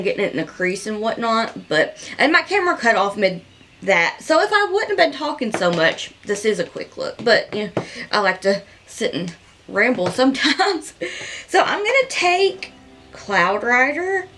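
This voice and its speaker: A woman's voice: medium pitch, slight background noise. A woman doing a casual makeup tutorial, rambling in a chatty, heartfelt way and peppering her talk with "like". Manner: rambling, chatty and heartfelt, with frequent "like" and soft laughs. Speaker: makeup vlogger.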